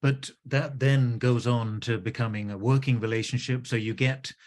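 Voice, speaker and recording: A man's voice: medium pitch, steady tone, moderate pace, a little mellow. A man interviewing a guest, prompting him with encouraging questions.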